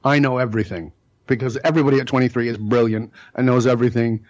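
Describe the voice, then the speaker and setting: Middle-aged man, podcast guest, emphatic storytelling, blunt, mid-pitched, dull lo-fi sound. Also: fairly even intonation, fast, a little mellow. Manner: emphatic, blunt, occasionally profane.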